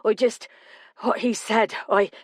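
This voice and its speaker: A woman voicing a hot-tempered young man who talks in halting, broken-off sentences. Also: mid-range voice, dry recording, studio quality, lightly acted. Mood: apologetic.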